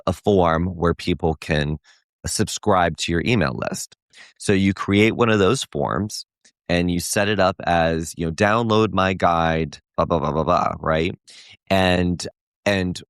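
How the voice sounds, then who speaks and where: A man's voice: sits low, no echo, clean studio sound. A middle-aged man hosting a live-stream coaching session, talking emphatically and reading out viewers' chat replies. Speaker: host.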